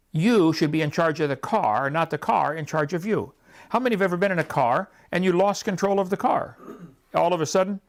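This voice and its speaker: A man preaching a sermon, telling stories and acting out prayers in an animated way. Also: fairly high pitch, creaky. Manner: animated storytelling, acts out prayers and quotes.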